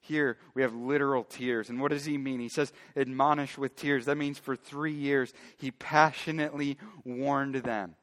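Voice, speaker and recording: A male pastor preaching a sermon emphatically, moving between loud declarations and quiet, hushed asides. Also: medium pitch, fairly even intonation, normal speed, few pauses, long reverb tail.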